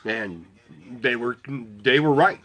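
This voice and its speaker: A man's voice: medium pitch, animated, slow pace, a bit bright. A man casually telling a rambling story about volunteering, swearing constantly and acting out his own and others' lines as dialogue. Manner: quotes himself and others in dialogue.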